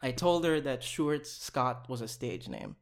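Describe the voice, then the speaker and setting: A young man casually telling a long story on a podcast, animated, swearing and laughing as he goes. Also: mid-range voice, a little slow, gravelly.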